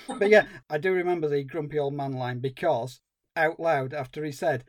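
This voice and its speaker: A man's voice: on the high side, a little fast, dry recording. A man co-hosting a film podcast, ranting in exasperated, sweary casual chat. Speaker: podcast co-host.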